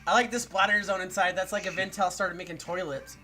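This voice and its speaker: A man's voice: high-pitched, fairly even intonation, a little fast, bright, forceful tone, faint music behind. A young man co-hosting a podcast, chatting loosely and crudely about a party game and laughing often. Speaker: podcast co-host. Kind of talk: casual comedic chat while playing a party game.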